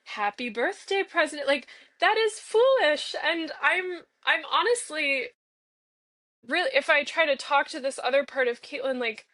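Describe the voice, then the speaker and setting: A young woman speaks as a playful part of herself in a therapeutic role-play. Her voice sits a little high and bubbly, and her talk is full of "like." The recording is close and dry, with almost no room sound. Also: measured pace, bright, forceful tone, no room sound. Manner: playful and bubbly, many filler "like"s.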